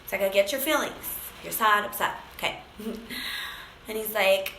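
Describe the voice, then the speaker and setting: A woman's voice: mid-range voice, normal speed, fairly bright tone, roomy sound, a little hiss or hum, low-quality recording. A woman sharing an emotional personal story, acting out phone calls with many fillers. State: briefly tearful.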